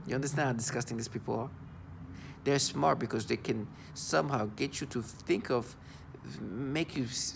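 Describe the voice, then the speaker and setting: In a personal video monologue, a vlogger with a rough, gravelly, mid-range voice sounds agitated and disgusted. His delivery is halting, full of fillers, and he keeps breaking off to restart sentences. Faint background noise sits under the recording.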